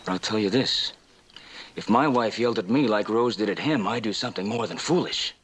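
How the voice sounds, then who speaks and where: An actor in a 1950s western playing a blunt, sarcastic frontier husband. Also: male voice, on the low side, brisk, fairly bright tone, a little hiss or hum, natural voice. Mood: sardonic. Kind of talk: 1950s film acting.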